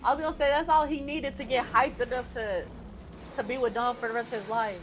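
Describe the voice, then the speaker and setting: A woman's voice: fairly high pitch, fairly even intonation, fairly quick, a little hiss or hum. A young woman giving casual reaction commentary to a movie, talking back at the screen with teasing jokes and exclamations.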